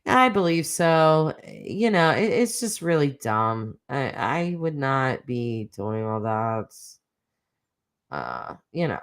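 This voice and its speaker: Low-voiced, teasing middle-aged woman host. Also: very animated, smooth. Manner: chatty, teasing, laughs often, quick asides. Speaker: livestream host reading chat. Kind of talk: casual chat.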